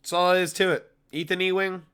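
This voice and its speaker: A man's voice: high-pitched, little pitch movement, fast, a bit bright, smooth. Brash, rambling male fight pundit. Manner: brash, rambling and emphatic, with heavy swearing. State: voice getting hoarse. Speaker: MMA fight analyst. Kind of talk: casual fight predictions.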